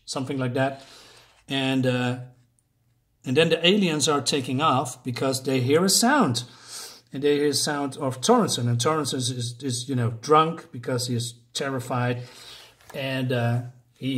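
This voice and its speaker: A man casually recapping a comic book story with many restarts and fillers. He gets excited and laughs at the gory moments. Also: medium pitch.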